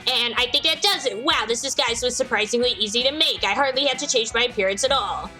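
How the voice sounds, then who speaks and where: A woman's voice: on the high side, fast, pushed and bright, soft background music, rough recording. A young woman hosting a story game, reading its text aloud in a mock-grandiose, playful way. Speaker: host playing a story game.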